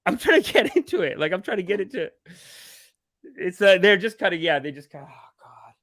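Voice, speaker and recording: A man hosting a comedic live stream. He swings between hushed mock-spiritual calm and loud excited outbursts, laughing often. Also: high voice, brisk. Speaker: livestream host.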